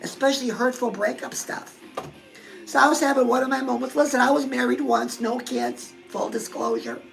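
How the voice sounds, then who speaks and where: A woman hosts a love and dating advice talk in a high, gravelly voice. She chats in a confiding way, as if to a close friend, while faint music plays underneath. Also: steady tone, moderate pace, rough recording. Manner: chatty, confiding, addresses listeners as girl. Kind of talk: casual advice talk to viewers.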